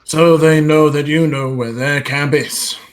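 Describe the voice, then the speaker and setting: A man's voice: on the high side, fairly even intonation, a little slow, lightly acted. A man voicing a stern male guard captain who questions the adventurers bluntly and skeptically.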